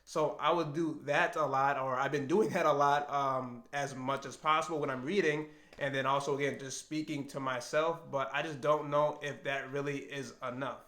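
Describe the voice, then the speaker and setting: A man's voice: medium pitch, steady tone, moderate pace, hardly any pauses, fairly bright tone, roomy sound. A man hosting his own channel, talking candidly and reflectively to camera from home about his doubts. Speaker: language learner and channel host. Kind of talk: solo talk to camera.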